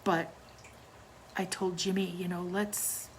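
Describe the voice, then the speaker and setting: An older woman telling a personal ghost story from her childhood, in a hushed, slow way that sometimes drops to near whispers. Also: fairly low pitch, fairly even intonation, vocal fry, a little hiss or hum, rough recording.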